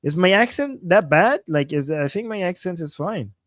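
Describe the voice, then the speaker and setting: A man's voice: sits high, animated, normal speed, fairly bright tone, dry recording. A man hosting a casual livestream in his non-native English, reading viewer comments and often restarting his sentences earnestly. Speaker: livestream host.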